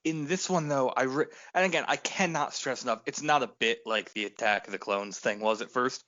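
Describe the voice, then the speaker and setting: Excitable lo-fi man ranting about fandom. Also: mid-range voice, a little slow, noisy background. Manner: excitable, swears, laughs often, acts out quotes. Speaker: podcast co-host. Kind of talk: casual podcast chat. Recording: dull lo-fi sound.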